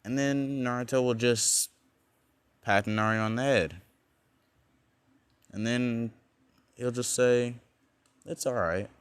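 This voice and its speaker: A man's voice: medium pitch, steady tone, slow pace, pauses often, clear, resonant tone, no echo. A young man casually telling a fan-made alternate story, rambling along with lots of fillers and frequent self-corrections.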